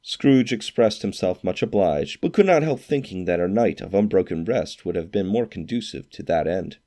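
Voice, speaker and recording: A man reading a classic novel aloud as narrator, in an expressive storytelling manner. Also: low voice, normal speed. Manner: expressive storytelling, acts out quoted lines.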